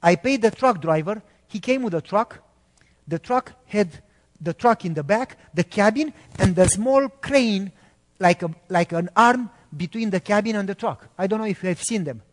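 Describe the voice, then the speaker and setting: A man preaching a sermon as a testimony story, animated, acting out the voices in it and speaking directly to listeners. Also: sits high, normal speed, long reverb tail. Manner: animated, acts out quotes, addresses listeners.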